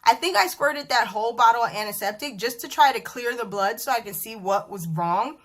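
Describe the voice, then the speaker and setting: A woman in her thirties telling a story to camera at home in a chatty, animated vlog style. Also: a little high, brisk. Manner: animated, chatty, acts out dialogue. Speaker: vlogger. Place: bedroom at home.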